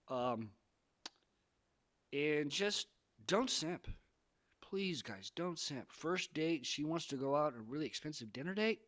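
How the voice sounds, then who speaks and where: A man's voice: on the high side, expressive, measured pace, pauses often, a bit bright. A man talking straight to camera, giving dating advice in an emphatic, preachy way, repeating phrases for effect. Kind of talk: casual advice monologue.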